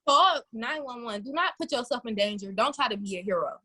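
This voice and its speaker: A woman from Detroit, a podcast co-host, telling a story in casual chat and swooping up high when she quotes herself. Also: expressive, fairly quick, bright, forceful tone.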